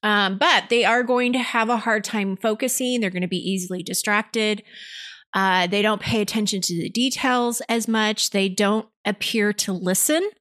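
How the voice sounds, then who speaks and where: A woman's voice: medium pitch, fairly even intonation, moderate pace, a bit bright. Chatty upbeat woman podcast host. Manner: chatty and upbeat, laughs easily, explains step by step. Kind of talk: casual podcast chat mixed with explanation.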